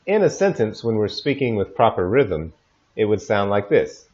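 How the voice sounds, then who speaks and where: A man teaching pronunciation, slowly modeling example phrases into a desk microphone. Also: on the low side, sing-song, a little mellow, muffled recording. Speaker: English teacher. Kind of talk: pronunciation lesson. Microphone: desk microphone recorded in audio software.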